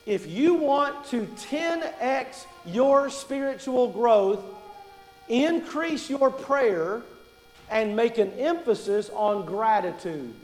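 A man delivers a sermon in a high voice, talking to his congregation in a conversational way and asking them questions. He slows down to stress his main points. The recording rings with the long reverb of a large church hall. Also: lively intonation. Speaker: preacher.

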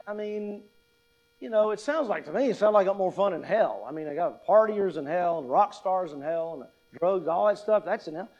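A pastor with a high voice for a man delivers a Sunday sermon. He talks in a loose, conversational way, throwing out rhetorical questions before reading a passage of scripture aloud. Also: a little mellow, highs cut off.

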